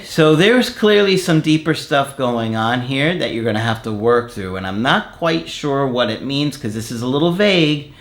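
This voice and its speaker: A man working as a relationship coach, frankly and emphatically giving advice in answer to viewer comments. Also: mid-range voice.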